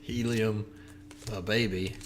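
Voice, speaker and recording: A man's voice: fairly low pitch, steady tone, takes it slowly, slight background noise. A man co-hosting a live stream, joking around and reading out ideas from the chat. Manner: playful, joking banter with the chat.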